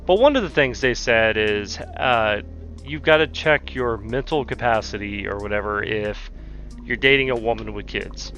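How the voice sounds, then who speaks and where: A man's voice: medium pitch, pushed and bright. A young man with a mid-range voice, sounding fed up and exasperated as he rants and swears freely. He talks in a loose, conversational way over faint music playing behind him. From Southern United States. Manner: heated, exasperated, heavy swearing. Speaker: commentary channel host. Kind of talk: profane commentary rant.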